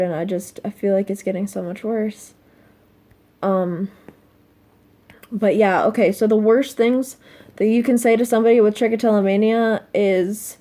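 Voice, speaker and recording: A teenage girl speaking in a personal confessional vlog, soft and halting, full of fillers, sounding upset. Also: medium pitch. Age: teens. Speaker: vlogger.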